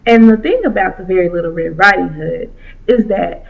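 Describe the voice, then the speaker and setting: A woman telling a children's story aloud in a slow, sing-song way. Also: on the low side, creaky. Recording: dull lo-fi recording.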